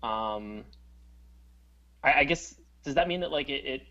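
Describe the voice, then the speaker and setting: A man's voice: mid-range voice, animated, a little slow, bright, forceful tone, highs cut off. A man co-hosting a podcast, talking casually and rambling with many fillers. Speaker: podcast co-host. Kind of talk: casual chat.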